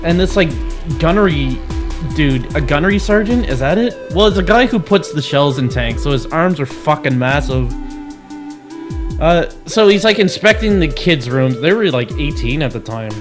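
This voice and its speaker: A man's voice: fairly high pitch, lively intonation, normal speed. A young man chatting casually as he streams a game, swearing, laughing and telling stories. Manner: laid-back, swearing, laughing a lot, storytelling. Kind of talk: casual gameplay chat. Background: game music.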